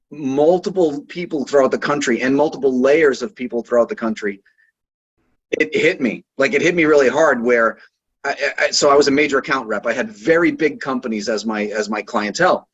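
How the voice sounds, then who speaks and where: A Boston consultant appearing as a podcast guest speaks in a mid-range voice with a breathy edge, and the audio sounds dull. In this casual interview he rambles, interrupts himself, and keeps tagging his lines with "right?"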